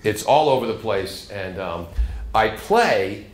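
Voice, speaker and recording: A middle-aged radio host speaks to a college classroom. His voice sits a little low, and he rambles through anecdotes in a chatty way, ready to drop into a character voice at any moment. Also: expressive, takes it slowly, soft background music. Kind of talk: guest lecture to a college class.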